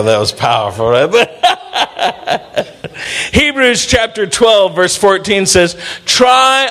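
A middle-aged male pastor preaching a sermon in an animated way, with playful asides and bits where he acts out voices. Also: medium pitch.

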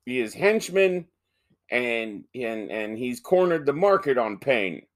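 This is a man co-hosting a casual podcast, swearing freely as he argues his point with animated energy. His voice sits at a middle pitch for a man. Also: takes it slowly. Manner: profane, animated arguing. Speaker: podcast co-host.

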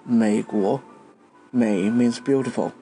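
Slow-paced man teaching words. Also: medium pitch, mellow, soft background music. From Taiwan. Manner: spells words letter by letter, patient. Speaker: podcast host. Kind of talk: language lesson.

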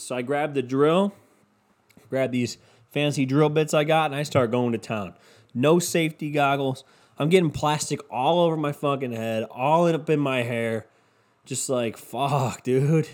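A young man hosting his own podcast, telling stories in a casual, rambling, crude comedic way full of swearing. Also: a little high. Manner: profane, rambling, crude humor. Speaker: podcast host.

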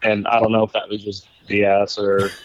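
A man, a former baseball pitcher, casually telling a rambling story in conversation, laughing now and then. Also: monotone, brisk, lo-fi sound. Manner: laid-back, rambling, laughs while telling stories.

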